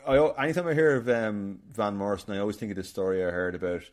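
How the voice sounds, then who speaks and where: A man's voice: fairly low pitch, fast, a crowd in the background. An Irish man hosting a casual film podcast, rambling and telling stories with lots of restarts. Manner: chatty, rambling, storytelling with many restarts. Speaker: podcast host.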